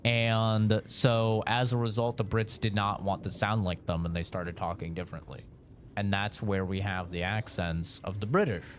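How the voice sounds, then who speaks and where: A man's voice: fairly low pitch, flat delivery, normal speed, a little hiss or hum. Rambling American man streaming. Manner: rambling, joking, swears freely. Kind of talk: casual live-stream chat.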